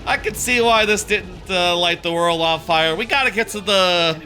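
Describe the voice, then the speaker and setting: A man's voice: high-pitched, normal speed, pushed and bright, slight background noise. A man giving casual gameplay commentary as a streamer, rambling and sardonic, with frequent stammered restarts.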